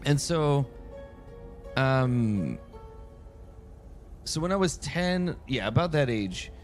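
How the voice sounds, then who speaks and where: A man's voice: mid-range voice, expressive, slow. Man, game streamer, from France, rambling casual chat, stops and restarts a lot, faint music behind. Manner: rambling, self-interrupting storyteller. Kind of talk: casual chat while playing.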